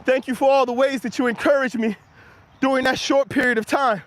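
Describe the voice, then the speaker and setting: A man's voice: extremely high pitch, fairly even intonation, brisk, fairly bright tone. A man hosting a live motivational walk-and-talk, slightly out of breath from walking outdoors and energetically encouraging his viewers and answering their comments. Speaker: motivational livestream host. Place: outdoors on an early-morning walk. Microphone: handheld camera while walking.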